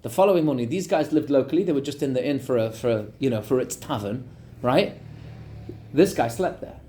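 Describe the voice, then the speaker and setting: A man teaching a class as a rabbi, telling a story in an animated way and talking directly to his audience. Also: mid-range voice, brisk. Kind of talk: storytelling lesson.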